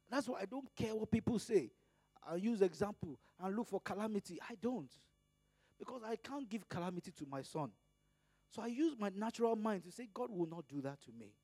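A preacher from Nigeria delivering an impassioned sermon. He swings between loud emphasis and hushed asides, and draws out scripture readings slowly. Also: high-pitched, dry recording.

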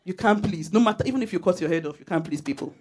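A woman from Nigeria with a Nigerian accent, preaching a lively sermon in church and telling stories with frequent laughter. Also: on the low side, rapid-fire, breathy edge. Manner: lively, storytelling, laughs often, emphatic exhortation. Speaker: church speaker.

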